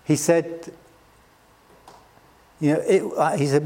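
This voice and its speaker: A man's voice: a little high, animated, moderate pace, pauses often, warm tone. A middle-aged British man preaching a sermon, with a conversational, self-deprecating manner and frequent laughs. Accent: British English. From Britain. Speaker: pastor.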